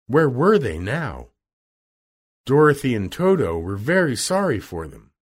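Guy reading a kids storybook out loud, slow and swoopy, bit husky. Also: medium pitch. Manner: slow, expressive read-aloud delivery. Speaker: narrator.

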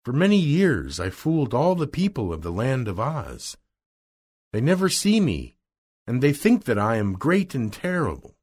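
A man's voice: medium pitch, huge pitch swings, moderate pace, darkish tone, breathy edge, pitched above the performer's own voice. A man reading aloud and voicing a frightened little old male wizard who speaks in a small, pleading voice. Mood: explaining.

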